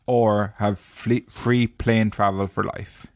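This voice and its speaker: A man's voice: on the low side, little pitch movement, slow pace, dry recording, clean studio sound. A man hosting a casual podcast chat, teasing his friends and steering them back to the questions. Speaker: podcast host.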